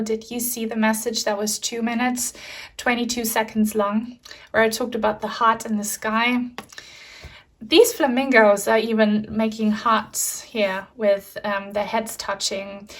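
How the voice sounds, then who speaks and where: Soft-spoken woman giving a tarot reading. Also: fairly high pitch, distant mic. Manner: soft, earnest, emotional and reassuring. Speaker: tarot reader. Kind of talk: pick-a-card tarot reading.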